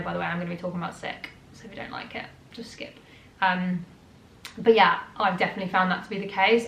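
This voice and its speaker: A young British woman chatting casually in a vlog, a little out of breath, with lots of fillers and restarts. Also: mid-range voice. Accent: British English. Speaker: vlogger. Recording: roomy echo, faint noise.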